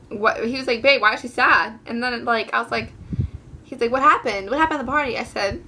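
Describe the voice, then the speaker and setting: A teenage girl rambles through a casual storytime, packing every sentence with fillers and mimicking the people in it. Her voice is bright and forward. A faint hiss of room noise sits under it. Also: medium pitch. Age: teens. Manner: chatty, rambling, full of fillers; quotes people in lively voices. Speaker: vlogger.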